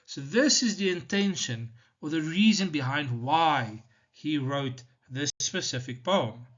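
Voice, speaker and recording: A male teacher from South Africa explaining a poem in a deliberate, step-by-step lesson, with many "so" and "now" turns. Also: a little high, animated, a bit bright. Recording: slightly dull lo-fi recording.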